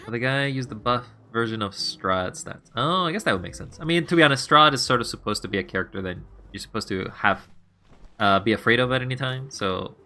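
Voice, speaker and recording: A man's voice: mid-range voice, animated, brisk, bright, forceful tone. A man streaming a game, chatting casually with his viewers, rambling and laughing as he plays.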